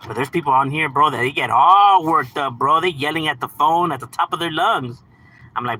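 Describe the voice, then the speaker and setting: A man's voice: fairly high pitch, a little fast, sharp tone, husky, low-quality recording. A man hosting a livestream, reading out chat messages and answering in a laid-back, slangy, profane way with frequent laughs. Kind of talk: casual live chat.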